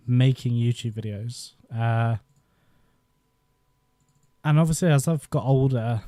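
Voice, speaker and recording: A man's voice: medium pitch, dark tone, no echo, clean studio sound. A man in his thirties chatting casually on a live stream, rambling and nostalgic, often laughing as he talks into a desk microphone. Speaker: YouTube host.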